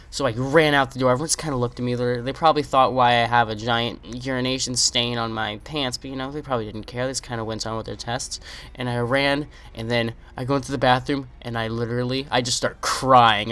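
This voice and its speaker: A man's voice: mid-range voice, a bit bright. A teenage boy telling a comic personal story in a rambling, stammering way. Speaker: vlogger.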